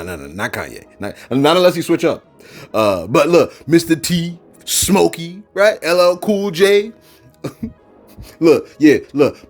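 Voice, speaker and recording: Chatty guy riffing on celeb news, says man and look a lot, voice all over the place. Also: on the high side. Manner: animated, joking, many fillers and repeated "man" and "look". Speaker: host of a celebrity news channel. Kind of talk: casual comedic commentary.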